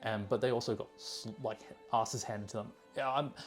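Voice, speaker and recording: A man's voice: mid-range voice, steady tone, normal speed, faint music behind. Man rambling through a story. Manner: rambling storyteller, restarts, acts out quotes. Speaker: podcast host explaining the lore. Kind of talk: casual chat.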